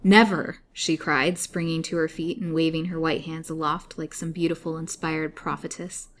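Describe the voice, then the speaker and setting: A woman reading a Victorian serial aloud as storyteller, measured and melancholy. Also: low-pitched, little pitch movement. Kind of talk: audiobook narration.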